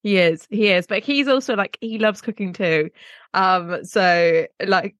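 A woman's voice: medium pitch, unhurried, fairly bright tone, no room sound. A woman co-hosting a podcast in casual, rambling chat, poking fun at herself. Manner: chatty, self-mocking, rambling asides. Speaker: podcast co-host.

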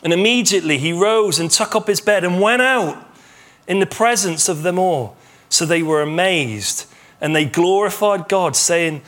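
Man, pastor, sermon, animated storytelling, high voice, bright tone. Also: normal speed. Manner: animated storytelling, acts out imagined dialogue.

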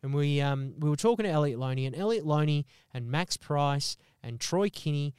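A young Australian man co-hosts a podcast, telling sweary stories with sarcastic, animated energy. His voice is smooth and clear, pitched a little high for a man. It's recorded close and dry, with no room sound. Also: normal speed, no echo. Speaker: podcast co-host. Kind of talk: casual chat, storytelling.

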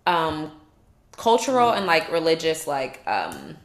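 A woman's voice: deep voice, wildly swooping pitch, measured pace. Rambling woman in an echoey room. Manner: rambling, many "like" fillers, searching for words. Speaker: podcast co-host. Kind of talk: casual chat.

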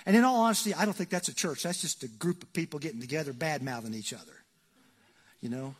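Husky folksy preacher man. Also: a little high, quick pace. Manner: folksy, joking, swings between loud emphasis and hushed asides. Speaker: pastor. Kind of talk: sermon.

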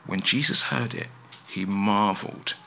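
A man's voice: on the low side, a little slow, vocal fry, bright, forceful tone. A man preaching a sermon, emphatic and asking his listeners rhetorical questions.

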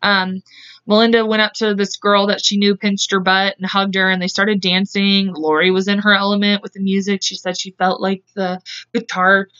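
A woman hosting a podcast, retelling a case in casual chat, acting out quotes in quick voices and speaking bluntly. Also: mid-range voice, little pitch movement, fairly bright tone, smooth, highs cut off. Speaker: podcast host. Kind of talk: casual true-crime storytelling.

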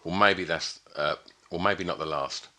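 A man voicing a weary, dying male gangster in a put-on Puerto Rican accent, delivering a slow, quiet, resigned film monologue. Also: deep voice, fairly even intonation. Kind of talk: reading film's closing monologue.

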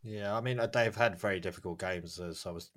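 Male podcast host, lowish voice, loose chat full of ums and laughs. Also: fairly quick, fairly bright tone. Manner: chatty, laughs often, many fillers. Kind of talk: casual football podcast chat.

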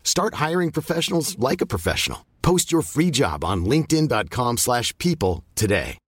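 A man reads a scripted ad with an animated, lively pitch. The recording is dry and close, without any reverb. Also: normal speed, husky. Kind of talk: scripted ad read.

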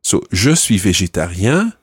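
A male language teacher leading a spoken lesson, patiently modelling words slowly and clearly. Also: on the low side, sing-song, dry recording, clean studio sound.

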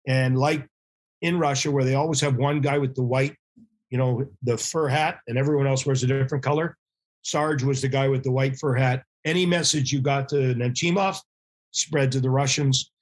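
A middle-aged man, a former hockey goalie, telling animated anecdotes as a podcast guest and acting out quoted voices. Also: medium pitch, normal speed. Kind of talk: casual storytelling interview.

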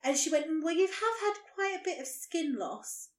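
A woman's voice: very high voice, lively intonation, normal speed, reverberant. A woman in her thirties, a podcast co-host telling a story in casual chat, acting out the people in it with laughter. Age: 30s.

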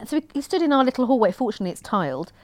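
A pregnant woman co-hosting a casual podcast, telling anecdotes in an animated way. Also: fairly high pitch, rapid-fire, dry recording. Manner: animated storyteller, acts out kids' voices. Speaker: podcast co-host.

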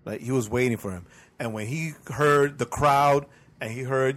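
A man's voice: medium pitch, measured pace, a bit bright. A male podcast co-host in a casual faith discussion. He keeps checking in with "right?" and circles back over his own phrases while he works out a thought. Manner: keeps tagging "right?", repeats himself while thinking.

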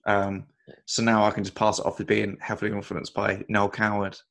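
A man hosting a casual chat, talking quickly and laughing easily. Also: lowish voice, monotone, creaky, a bit bright. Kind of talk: casual conversation.

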